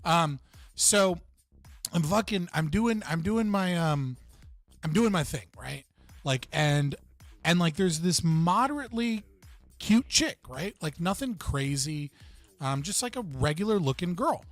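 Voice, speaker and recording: A man's voice: fairly high pitch, lively intonation, unhurried, no echo, soft background music. A young man telling a story casually on a livestream, rambling with many restarts and laughing at himself. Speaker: livestream host.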